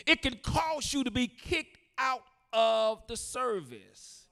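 A man with a notably high voice delivers a sermon as a pastor. He tells a story in an easy way and then lifts into forceful, emphatic preaching. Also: animated, slow pace.

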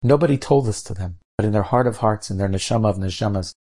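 A man, a rabbi, telling a story in a sermon, dramatizing the quoted lines in a lively way. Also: lowish voice, quick pace.

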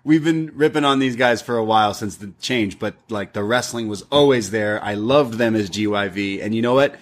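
A man's voice: on the low side, moderate pace, slight background noise. Casual wrestling podcast co-host, man. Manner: jokey, acts out quoted lines in put-on voices. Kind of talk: casual chat.

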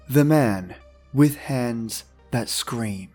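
Male horror story narrator, mid-pitched. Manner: friendly, chatty intro, then slow hushed reading. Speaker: podcast host and narrator. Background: faint music.

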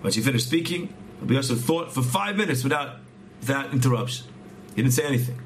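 A man with a medium-pitched, animated voice talks fast as he earnestly tells a religious story to teach it. He often repeats words and restarts phrases, and there's slight background noise.

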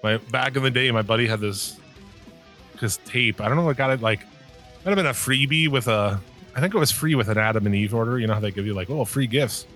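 A man's voice: medium pitch, quick pace, fairly bright tone, faint music behind. A middle-aged man in casual, crude conversation, rambling through stories with lots of swearing and laughing.

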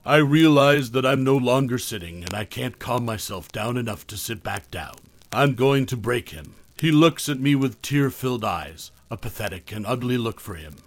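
A man's voice: medium pitch, lively intonation, moderate pace, few pauses, dry recording. A man narrating a first-person horror story, cold and probing as he questions someone.

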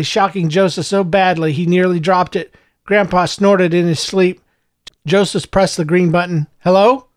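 Male storyteller, fairly high voice, dry close sound. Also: dry recording. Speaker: narrator. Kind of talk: audiobook narration.

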